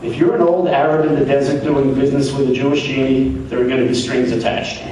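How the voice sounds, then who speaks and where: A man's voice: mid-range voice, steady tone, fast talker. A man working as emcee at a live comedy show, telling a joke in a rambling way, repeating words as he goes. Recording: echoey live room, mic at a distance, faint noise.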